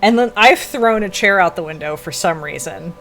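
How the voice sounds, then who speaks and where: A woman's voice: lowish voice, normal speed, loud music behind the voice. A woman in a casual chat, telling stories expressively and acting out her own reactions. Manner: expressive, acts out quoted reactions. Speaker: stream host.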